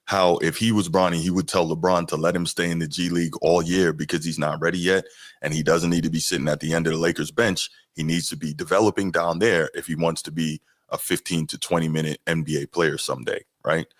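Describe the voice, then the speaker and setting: A man hosting a podcast, reacting to clips in a relaxed, chatty way with fillers. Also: deep voice, brisk, no echo, clean studio sound. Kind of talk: casual commentary.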